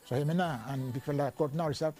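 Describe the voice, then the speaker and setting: An older man from Vanuatu with a Bislama-speaking ni-Vanuatu accent, slowly recalling his life in an oral history interview and mixing in English and French words. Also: a little high, fairly even intonation, mellow, faint music behind. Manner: slow, searching, mixes Bislama with English and French.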